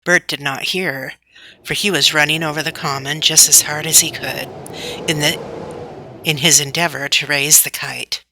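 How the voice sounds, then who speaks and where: A woman narrating a classic children's book aloud in a steady storytelling manner. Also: deep voice, moderate pace, a little hiss or hum, rough recording. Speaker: audiobook narrator.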